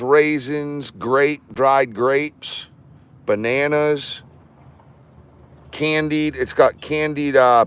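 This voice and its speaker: A man's voice: medium pitch, smooth. A man chatting casually to his vlog audience in a rambling, jokey and profane way. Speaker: vlogger.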